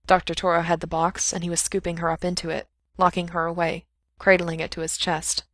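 A woman with a slightly low voice reads a fiction audiobook aloud. The recording is dry and close. She acts out the characters' cries and whispers as she goes. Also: little pitch movement, brisk, a bit bright, no echo. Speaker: narrator.

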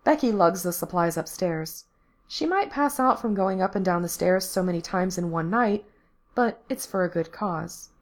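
A woman narrating a story aloud, reading in a steady, even way. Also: lowish voice, normal speed.

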